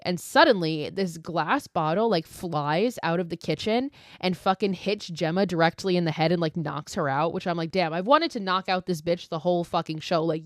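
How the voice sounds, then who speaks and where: A woman hosts a podcast and retells a horror movie scene by scene, swearing and adding her own asides. Her voice sits low for a woman. The recording is dry and close, with no room sound. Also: no echo. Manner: profane, animated storytelling with asides. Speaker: podcast host. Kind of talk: casual movie recap.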